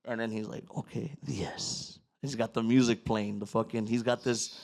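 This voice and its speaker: A man's voice: on the low side, level tone, brisk, a little mellow. A man telling a long story on a podcast in a loose, profane way, slipping into Spanish. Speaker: podcast guest. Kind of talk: casual storytelling.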